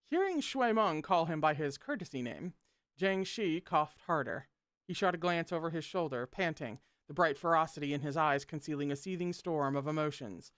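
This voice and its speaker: A read-along host reads a novel aloud, expressive and breaking off for joking asides. The voice is smooth and clear, mid-pitched, in a dry, close recording. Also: normal speed, no room sound.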